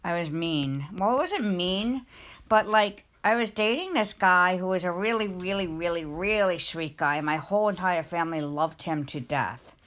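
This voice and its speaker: A woman's voice: on the low side, moderate pace, a bit bright. A middle-aged woman live streamer chatting casually, telling a rambling, emotional personal story in a confiding way.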